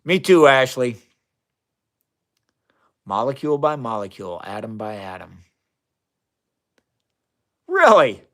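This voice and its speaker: A man's voice: mid-range voice, big pitch swings, slow, long pauses, pushed and bright. A man with a Midwestern accent, hosting a casual science live stream from his chemistry lab. He rambles in a friendly way and answers viewers' chat comments, speaking into a phone camera. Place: home chemistry lab, indoors. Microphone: phone camera, flipped around during the stream.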